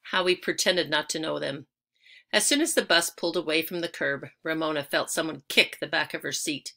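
Woman reading a kids' book out loud, bright forceful tone, a bit low-pitched, leans into the big words. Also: brisk, gravelly. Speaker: audiobook reader. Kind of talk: reading a children's chapter book aloud.

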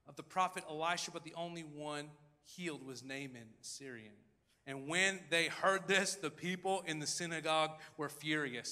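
Man, pastor, dramatic sermon, swings loud and hushed, long hall reverb. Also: high voice. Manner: dramatic, acts out crowd voices, swings between loud and hushed. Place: large church hall.

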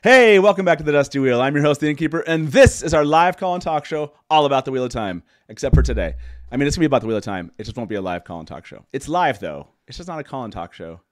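A man's voice: medium pitch, big pitch swings, fast, no echo, soft background music. A man hosting a casual live talk show, rambling and correcting himself with a chuckle. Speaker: host.

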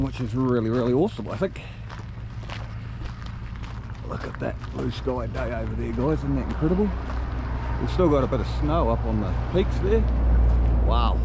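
A man's voice: mid-range voice, noisy background. A man vlogging in a casual, enthusiastic way as he walks outdoors, chatting straight to his viewers. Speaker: travel vlogger. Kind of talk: casual walking vlog. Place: outdoors among rocks.

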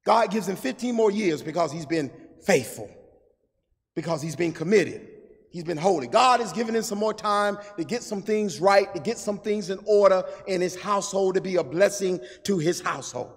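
A man preaches with a high, gravelly voice, swinging from hushed asides to shouted and half-sung lines. The sermon rings through a church with a long echo behind it. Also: lively intonation, normal speed. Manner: call-and-response preaching, swings from quiet to shouting and sung phrases. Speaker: pastor. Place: church sanctuary. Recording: long church hall reverb.

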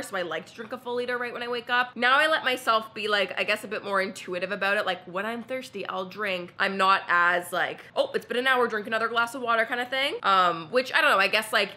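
A young woman talks to her viewers in a relaxed vlog, her voice bright and clear at a middle pitch. She sounds upbeat and a little giddy, sprinkling her sentences with "like" and "you know". It feels like an easy, friendly catch-up filmed at home on a clip-on mic. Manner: chatty, filler-heavy with frequent "like". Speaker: lifestyle vlogger. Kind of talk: casual vlog chat. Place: indoors at home. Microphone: wireless mic worn for filming.

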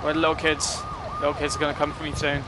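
A young man giving casual, excitable commentary while playing a game, joking and swearing at what happens on screen. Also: fairly high pitch, quick pace, noisy background. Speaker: gaming commentator.

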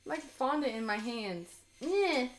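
Bubbly high-voiced woman streamer. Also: lively intonation, slow pace. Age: 30s. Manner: bubbly, giggly, rambling. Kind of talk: casual live-stream chat.

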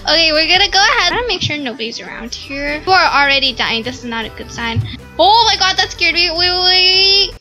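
A woman giving excitable gameplay commentary, full of startled exclamations and giggles. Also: extremely high pitch, fairly quick, music in the background. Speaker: gaming YouTuber.

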